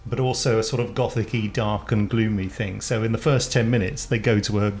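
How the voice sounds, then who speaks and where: A man's voice: lowish voice, steady tone, brisk, darkish tone, a little hiss or hum. A man hosting a podcast, chatting casually and laughing at himself while he has a cold. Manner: chatty, self-mocking, laughs often. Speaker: podcast host. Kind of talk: casual chat. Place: home recording, trains audible outside.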